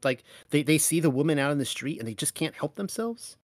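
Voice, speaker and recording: A man reading scripture aloud and commenting on it as host of a Bible teaching show, slow and measured on the verses and fast and animated in between. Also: on the high side, no room sound, studio quality.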